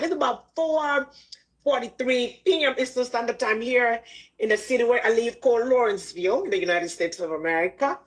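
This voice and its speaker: Woman, middle-aged, casual livestream talk, laughing and exclaiming, emphatic, fairly high voice. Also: fairly bright tone. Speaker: livestream host.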